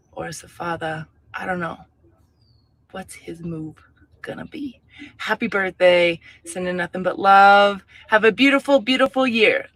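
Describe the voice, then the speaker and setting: Bright-voiced upbeat woman. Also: fairly low pitch, rough recording. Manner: upbeat, joking, corrects herself on the fly. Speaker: guest sending a video birthday message. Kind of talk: casual recorded video greeting.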